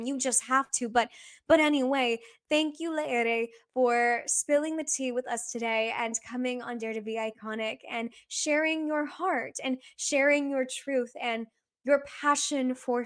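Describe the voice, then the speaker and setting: A woman's voice: sits high, a bit bright. A young woman hosting a podcast, chatting and wrapping up the episode in a bubbly, gushing, playful way. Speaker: podcast host. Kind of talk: casual podcast chat and outro.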